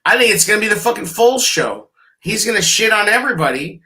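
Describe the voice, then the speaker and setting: A man co-hosting a casual sports show, talking fast and profanely and acting out players' reactions. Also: sits high, big pitch swings, sharp tone. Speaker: podcast co-host.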